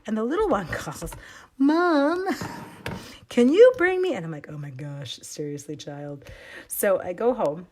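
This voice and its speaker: A woman's voice: on the low side, slight background noise. A middle-aged woman with a Canadian accent, feeling sick and coughing as she leads a live stamping demo, rambling through chatty side stories. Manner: chatty, rambling, self-interrupting. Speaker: stamping demonstrator.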